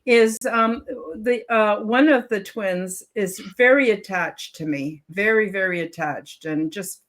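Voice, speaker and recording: A woman in her seventies hosting a panel over a video call, talking in a rambling, halting way with lots of fillers and restarts. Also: medium pitch, a bit bright. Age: 70s. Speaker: show host. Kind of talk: casual panel chat.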